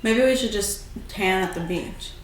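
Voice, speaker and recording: A woman's voice: medium pitch, a little slow, roomy sound, a little hiss or hum. A young woman from California co-hosting a podcast, chatting casually in a playful way, with frequent use of "like.". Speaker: podcast co-host. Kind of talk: casual chat.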